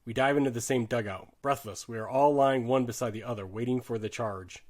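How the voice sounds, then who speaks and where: A man's voice: mid-range voice, fairly quick. Man reading a war novel aloud. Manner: earnest, shifts loudness sharply with the drama. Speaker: audiobook reader. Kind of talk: dramatic audiobook narration.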